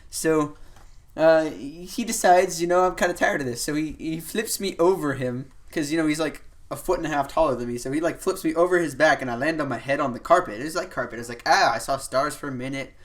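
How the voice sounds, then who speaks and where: A man's voice: on the high side, a little fast. Young man rambling through a story. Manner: rambling anecdotes full of "like" and "you know". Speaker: podcast host. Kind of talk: casual storytelling chat.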